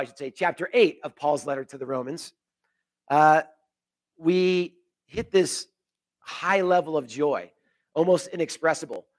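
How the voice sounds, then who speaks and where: A man preaching a sermon as pastor, earnest, rising on key phrases and dropping soft for emphasis. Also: fairly high pitch.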